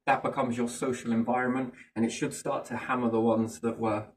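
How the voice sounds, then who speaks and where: A man's voice: medium pitch, little pitch movement, fairly quick, slight background noise. A man musing in a casual chat, rambling from thought to thought and often asking rhetorical questions. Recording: voice a bit far from the mic.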